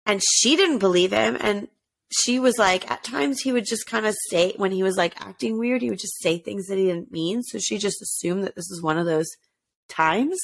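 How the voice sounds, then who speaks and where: A woman with a gravelly, creaky edge to her voice tells a story in a loose, chatty way. She jumps up and down in pitch to act out what people said, then drops back to her everyday voice. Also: moderate pace. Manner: chatty, acts out quotes with shifts in pitch. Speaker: podcast host telling a true-crime story. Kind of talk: casual storytelling chat.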